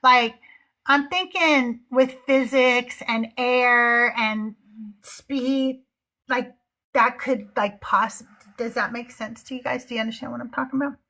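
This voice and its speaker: A woman's voice: a little high, steady tone, unhurried, sharp tone. A middle-aged woman hosting a live call-in stream, chatting casually and often laughing at herself. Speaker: host of a live call-in show. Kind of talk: casual livestream chat.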